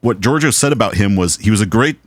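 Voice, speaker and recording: A man co-hosting a podcast, telling anecdotes in an animated, casual way with some swearing. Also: fairly low pitch, quick pace, no echo. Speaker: podcast co-host. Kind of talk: casual film chat.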